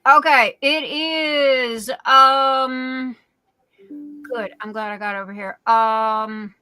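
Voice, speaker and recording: A woman's voice: a little high, fairly even intonation, very slow, pushed and bright, smooth, dry recording. A middle-aged woman hosting a livestream, telling rambling folksy stories in a casual chat full of fillers. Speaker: livestream host.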